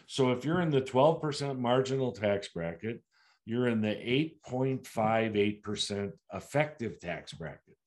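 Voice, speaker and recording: This is an older man from the United States, speaking as a seasoned sales producer in an interview. He tells his stories with energy, jumping his voice up and down as he acts out what clients and agents say. His pitch sits in a middle range for a man. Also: measured pace. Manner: animated, acts out client dialogue with big pitch jumps. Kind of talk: animated storytelling in an interview.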